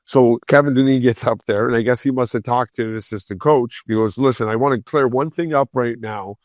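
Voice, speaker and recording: A man, a former pro hockey player, telling profane, animated stories as a podcast guest and acting out other people's voices. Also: medium pitch, fairly quick, no room sound, studio quality. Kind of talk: casual storytelling on a podcast.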